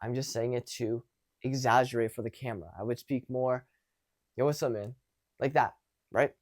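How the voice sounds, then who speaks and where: A young man giving casual dating advice, animated and swearing freely. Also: medium pitch, moderate pace, no room sound, studio quality. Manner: animated, acts out quoted exchanges, swears casually. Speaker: dating coach.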